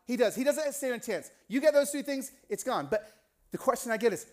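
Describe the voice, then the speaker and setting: Animated male preacher telling a story. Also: very high-pitched, fairly quick. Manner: animated, acts out the people in his stories. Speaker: pastor. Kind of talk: sermon with storytelling.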